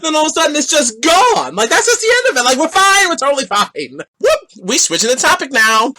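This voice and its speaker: A man's voice: very high voice, sing-song, brisk, few pauses, pushed and bright. A man hosting his own podcast, delivering an opinionated, sassy monologue with whooping exclamations. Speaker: podcast host.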